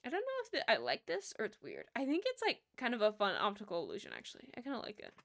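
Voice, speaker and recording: Chatty young woman, slightly high voice. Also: wildly swooping pitch, fast talker, a bit bright. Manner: rambling storyteller, many fillers, laughs easily. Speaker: streamer. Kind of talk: casual chat while gaming.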